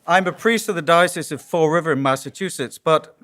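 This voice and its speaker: Lecturing at a conference in a conference hall, this Yorkshire-accented priest from Yorkshire, England, spins stories and pokes fun at himself. His voice is on the high side, a bit bright, and a little fast.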